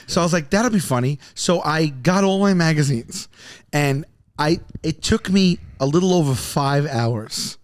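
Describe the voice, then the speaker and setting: A man's voice: fairly high pitch, animated, unhurried, dry recording. A man co-hosting a comedy podcast, telling a long self-mocking story in a rambling way, with many restarts.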